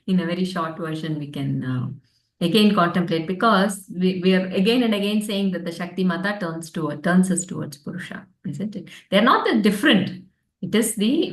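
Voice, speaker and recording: Reflective woman teaching a class. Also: medium pitch. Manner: reflective, searching for words, gentle. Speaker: spiritual study group teacher. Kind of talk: storytelling scripture class. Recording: roomy sound from a distant mic.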